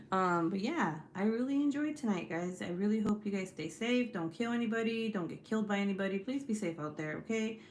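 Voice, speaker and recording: A young woman chats on her livestream in a loose, rambling way, swearing freely and leaning on "like" between phrases. Her pitch sits mid-range for a woman, with a faint hiss of background noise under the voice. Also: moderate pace, a bit bright. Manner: chatty, profanity-laced, lots of "like" fillers. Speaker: YouTube host. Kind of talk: casual livestream chat.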